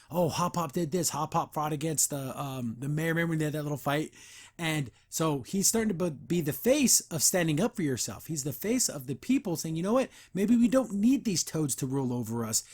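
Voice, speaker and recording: Animated man recapping a cartoon. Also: on the high side, brisk. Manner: animated retelling, acting out characters' lines. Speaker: podcast host. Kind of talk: casual episode recap and reaction.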